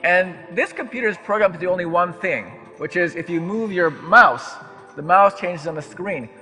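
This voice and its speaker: Chatty man with a bright voice in a reverberant hall. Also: high voice, moderate pace, faint music behind. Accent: American. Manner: chatty, self-deprecating, many fillers and restarts. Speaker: designer giving a talk. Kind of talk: stage talk to a live audience. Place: large lecture hall.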